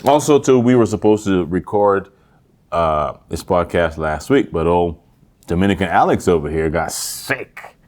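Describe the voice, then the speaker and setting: A man from the Caribbean chats on a comedy podcast in a low, velvety voice. His pitch swings widely as he jokes, and he readily slips into put-on voices. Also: moderate pace. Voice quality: calls his own voice velvety. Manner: animated, jokey, breaks into put-on voices and laughter. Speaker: podcast co-host. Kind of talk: casual comedy podcast chat.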